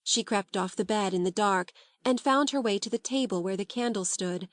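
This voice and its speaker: A woman narrating a classic novel as an audiobook, in a calm, measured, unhurried way. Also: mid-range voice, no room sound, studio quality.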